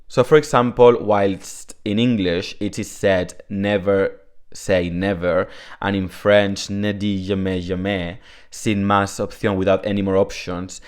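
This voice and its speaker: Casual lesson from a guy, lowish voice, rambles a lot with fillers and jokes at himself. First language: Spanish. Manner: chatty, rambling, self-deprecating, filler-heavy. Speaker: Spanish teacher.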